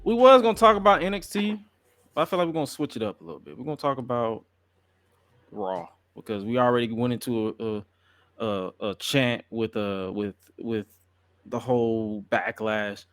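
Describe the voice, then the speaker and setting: A man's voice: medium pitch, animated, moderate pace, fairly bright tone, dry recording. A man co-hosting a casual sports and wrestling chat podcast, laid-back and joking, swearing freely. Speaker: podcast co-host.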